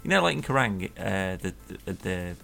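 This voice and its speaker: A man's voice: low voice, sing-song, normal speed, gravelly, fairly bright tone, soft background music. A man in casual chat as a podcast co-host, who rambles with constant fillers and restarts. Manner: rambling, heavy use of "like", trailing restarts.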